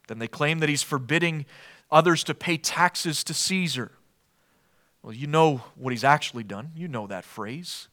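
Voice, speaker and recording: A man's voice: a little high, moderate pace, pushed and bright. A man preaching an expository sermon in an earnest, emphatic way, posing rhetorical questions to his listeners.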